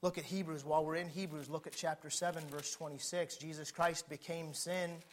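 A man preaching a sermon with fervor, putting questions to his listeners and swinging between hushed, low passages and shouted ones. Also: fairly even intonation, brisk, slight background noise.

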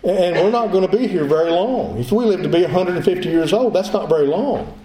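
A man's voice: sits high, animated, brisk, dark tone. Emphatic preacher man in an echoey sanctuary. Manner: emphatic preaching, repeats phrases. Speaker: pastor. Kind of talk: sermon. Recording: echoey room.

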